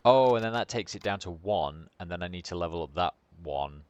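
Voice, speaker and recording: A man's voice: deep voice, expressive, a little fast, clean tone. A man streaming a game, making casual, musing commentary with mumbled asides.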